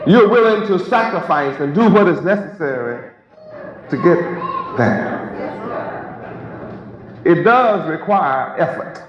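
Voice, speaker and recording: A man's voice: high-pitched, animated, takes it slowly, long pauses. A man preaching a sermon to a congregation, emphatic and repetitive, full of rhetorical questions. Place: large hall with congregation. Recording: echoey hall, lo-fi, crowd.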